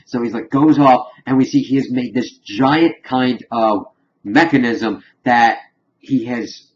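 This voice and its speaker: A man recapping a TV episode in a loose, rambling way, filling every pause with "like". His voice sits at an ordinary middle pitch. The recording is slightly dull and lo-fi. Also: slight background noise. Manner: rambling, heavy use of "like". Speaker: TV episode reviewer. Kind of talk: casual spoken episode recap.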